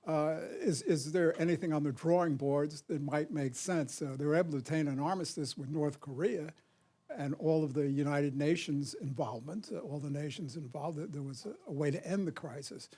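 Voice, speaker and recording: Mellow, higher-voiced man asking formally. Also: moderate pace, breathy edge. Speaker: audience questioner. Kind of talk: conference question.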